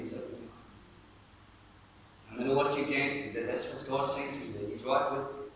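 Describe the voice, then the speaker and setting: A man preaches a sermon, acting out the story and sinking to a hush to make his points. His voice is bright and forceful. It reaches the mic from a distance through a very reverberant church, with faint noise underneath. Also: medium pitch, a little fast, long pauses. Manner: animated storytelling preacher, acting out scenes, dropping to a hush for emphasis. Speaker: pastor.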